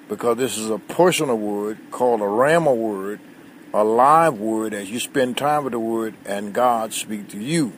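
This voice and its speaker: A man's voice: medium pitch, slight background noise. A man giving a short devotional sermon in an earnest way, repeating phrases and quoting scripture. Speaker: preacher.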